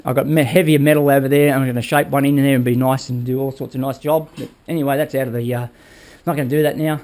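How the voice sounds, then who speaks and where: A man's voice: mid-range voice, fairly even intonation, quick pace, a little mellow. A man casually talking viewers through a motorbike build in his workshop, rambling and checking in with "all right?" as he goes. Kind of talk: casual workshop how-to talk.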